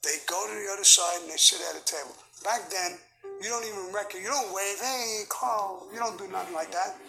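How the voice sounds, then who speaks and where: A man in his seventies with a high-pitched, creaky voice speaks quickly as an interview guest, telling blunt, profane stories full of energy. The recording is rough, with faint music playing behind him.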